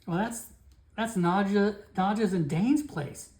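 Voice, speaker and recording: A narrator voicing a flustered, excitable male town guard captain who stammers and repeats himself. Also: mid-range voice, takes it slowly, voice pushed up. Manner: stammering, repeats words in alarm.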